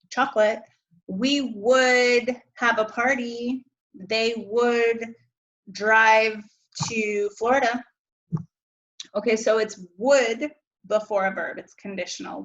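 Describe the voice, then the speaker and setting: A woman talks students through a recorded Spanish grammar lesson. Her pitch sits in the middle and her tone stays casual and chatty. She corrects herself easily as she goes. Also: a bit bright, muffled recording. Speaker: Spanish teacher. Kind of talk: recorded slide lecture.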